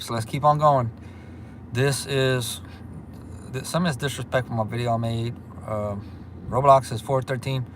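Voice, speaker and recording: A man's voice: mid-range voice, a bit bright, slight background noise. A man hosting a casual livestream, chatty and upbeat as he reads viewer comments and greets people by name. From Louisiana. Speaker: livestream host.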